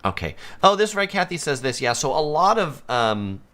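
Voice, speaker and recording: A man's voice: on the high side, big pitch swings, normal speed, sharp tone. A man from San Diego hosting a live stream, chatting easily and laughing often as he reads viewer comments. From United States (San Diego).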